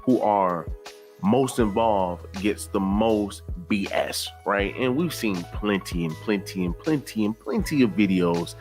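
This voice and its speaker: A man hosting a casual commentary video, talking in a relaxed, conversational way and repeating words for emphasis. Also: lowish voice, a little slow, soft background music. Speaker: YouTube commentary host.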